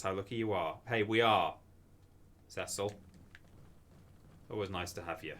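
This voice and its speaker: A man's voice: sits low, a little slow, long pauses, a bit bright. A man in casual livestream chat, rambling and self-deprecating as he plays and reads chat aloud. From England. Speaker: streamer playing a game.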